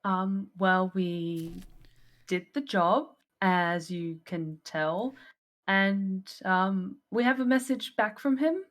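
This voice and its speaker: A woman playing a tabletop role-play game, calm and polite as she speaks in character. Her pitch sits in the middle for a woman. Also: takes it slowly. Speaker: player.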